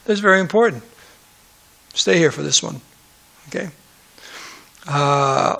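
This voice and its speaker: Bright-voiced man giving a scripture class. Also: sits high. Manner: conversational, joking asides, acts out quoted characters. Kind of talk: sermon-style scripture class.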